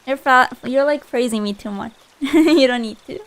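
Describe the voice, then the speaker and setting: A woman's voice: high voice, animated, a little slow. A young woman chatting casually on a game livestream, giggling often between lines, from a home room at night. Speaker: streamer.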